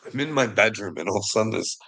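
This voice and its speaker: Male ranter, forceful and tense, heavy swearing, low mutters to shouts. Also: lively intonation, very fast, gravelly, poor audio. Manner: laughs between lines. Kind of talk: profane emotional rant.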